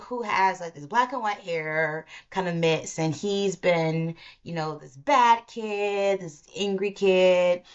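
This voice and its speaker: A woman's voice: fairly low pitch, slow pace, hardly any pauses, smooth. A woman hosting a podcast, talking in a chatty, rambling way and often interrupting herself. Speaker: podcast host. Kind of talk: casual solo commentary. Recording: slightly dull lo-fi recording.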